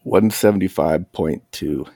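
A man's voice: sits low, measured pace, dark tone, no echo, clean studio sound. A man co-hosting a casual podcast, bantering in a goofy, attention-seeking way. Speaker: podcast co-host. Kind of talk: casual chat.

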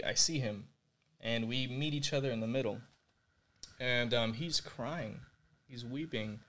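This young Puerto Rico-raised man has a medium-pitched, fairly bright voice. As a podcast guest in a candid interview, he earnestly and reflectively recounts his faith journey, his speech packed with "like"s and "you know"s.

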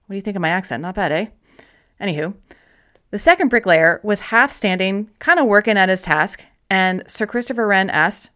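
A woman narrating a self-help audiobook in a gentle, encouraging way, with slow, deliberate emphasis on key words. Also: mid-range voice, lively intonation.

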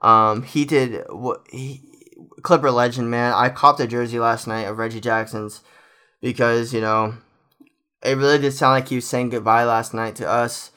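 A man's voice: medium pitch, steady tone, moderate pace, bright, forceful tone. A young man in the middle of a loose, rambling fan monologue. He sounds openly emotional and effusive, and he keeps circling back on his own thoughts. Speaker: fan commentator.

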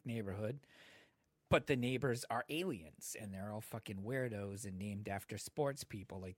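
A man's voice: lowish voice, no room sound. Laid-back profane man telling a story. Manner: laid-back, profane, animated when quoting others. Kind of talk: casual storytelling among friends.

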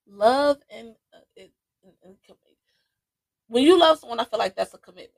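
Slow, reflective woman podcast host. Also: mid-range voice, no echo. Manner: slow, reflective, with restarts and laughter. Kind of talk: casual solo podcast talk.

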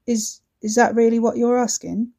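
A woman voicing a menacing, swaggering man who taunts loudly and swears coarsely, in a storybook reading. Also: a little high, little pitch movement, moderate pace, creaky, pitched above the performer's own voice. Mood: taunting. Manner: loud, goading, coarse swearing. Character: menacing, swaggering male brute, taunting and volatile.

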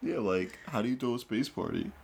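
A man's voice: on the low side, sing-song, brisk, creaky, darkish tone, slight background noise. A young man co-hosting a podcast, chatting casually, swearing freely and joking with lots of laughter. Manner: profane, joking, laughs a lot. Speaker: podcast co-host. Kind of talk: casual chat.

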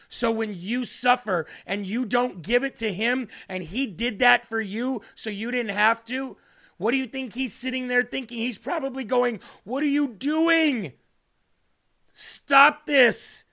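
A man's voice: very high voice, gravelly, sharp tone. A man preaching an emotional livestream sermon, pleading and repeating questions for emphasis.

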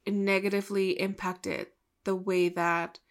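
A young woman co-hosting a podcast who asks questions in a relaxed, casual way. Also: mid-range voice, unhurried. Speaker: podcast co-host. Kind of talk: casual chat.

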